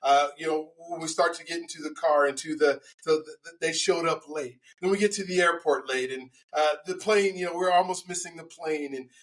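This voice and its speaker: A man with a high voice tells a personal story as a podcast guest. He talks in an animated way, stumbling through fillers and restarts. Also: brisk, hardly any pauses, low-quality recording. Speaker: guest speaker. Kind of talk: storytelling interview answers.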